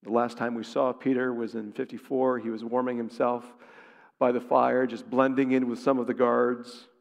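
A man preaching a sermon, who acts out the lines he quotes with big swings in pitch and volume. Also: little pitch movement, moderate pace, creaky, in a large hall.

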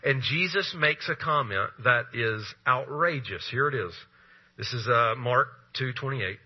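A male pastor preaching a sermon, asking rhetorical questions and pausing for effect, with a husky voice. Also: medium pitch, highs cut off.

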